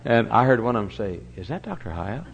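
A man's voice: fairly low pitch, a little fast, gravelly. Older male pastor preaching, dull lo-fi recording. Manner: storytelling, animated swings from loud to hushed. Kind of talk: sermon. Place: church sanctuary. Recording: dull, lo-fi church recording with faint hum.

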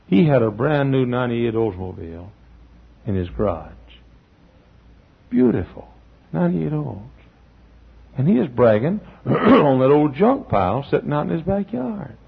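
Gravelly-voiced pastor preaching. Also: male voice, mid-range voice, very animated, a little slow, pauses often. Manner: storytelling, acting out quotes, frequent throat clearing. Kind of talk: sermon. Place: church. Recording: dull lo-fi sermon recording.

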